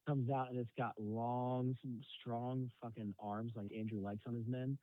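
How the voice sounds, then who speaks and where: A man in a casual podcast chat, retelling a film scene by scene and acting out what the characters say. His voice sits at an ordinary pitch. The sound is dry and squeezed into a tinny, phone-like band. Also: a little slow, dry recording. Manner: animated storytelling with acted-out quotes and frequent swearing. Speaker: podcast co-host. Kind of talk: casual movie recap chat.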